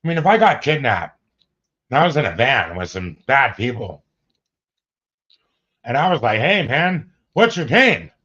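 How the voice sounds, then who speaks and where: A man's voice: medium pitch, sing-song, moderate pace, long pauses, a bit bright, slightly rough. A man co-hosting a casual chat about police footage, joking and rambling, laughing often. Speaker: co-host reacting to police footage. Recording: dull lo-fi audio.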